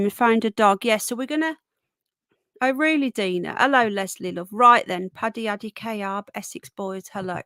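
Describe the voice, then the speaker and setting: A woman's voice: mid-range voice, moderate pace, fairly bright tone, no room sound. A woman hosting a casual livestream, chatting and greeting viewers by name with a runny nose, a bit unwell. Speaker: livestream host. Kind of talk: casual live chat.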